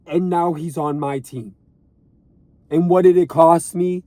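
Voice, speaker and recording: A young man vents from the driver's seat of a car, his voice pitched fairly high but mellow in tone. He talks slowly, drags out key words and circles back to repeat them with exasperated emphasis. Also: fairly even intonation, no room sound. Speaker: vlogger and sports fan. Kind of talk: ranting to camera. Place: inside a parked car.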